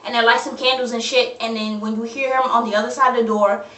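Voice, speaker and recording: A young woman tears into a horror film, cursing freely in casual slang. Her voice sits a little high. She is recorded on a phone set back from her in an echoey room. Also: fairly even intonation, quick pace, fairly bright tone, recorded from a distance, slight background noise. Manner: profane, blunt, slangy. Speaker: movie reviewer. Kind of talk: ranting movie review.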